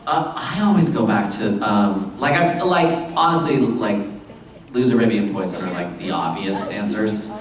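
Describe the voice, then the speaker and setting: A man's voice: on the low side, moderate pace, a little hiss or hum. A voice actor at a convention panel, rambling and self-deprecating, laughing often as he answers fan questions. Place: large convention hall. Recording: echoey hall, distant mic.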